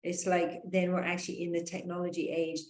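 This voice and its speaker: Woman, lowish voice, casual rambling talk, echoey room. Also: little pitch movement, a little fast, a little mellow. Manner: rambling, full of "you know" and "like" fillers; acts out quoted voices with raised pitch.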